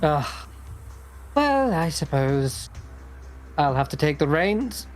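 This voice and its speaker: A man's voice: on the high side, sing-song, takes it slowly, slight background noise. A man voicing a haughty woman who sneers and complains about being interrupted at her tea, in a tabletop game. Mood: disdainful. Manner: sneering, put-upon complaining.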